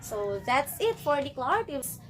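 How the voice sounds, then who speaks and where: High-voiced teacher explaining grammar. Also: female voice, very animated, measured pace. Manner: repetitive, restarts phrases, addresses the class. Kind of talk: classroom grammar lesson.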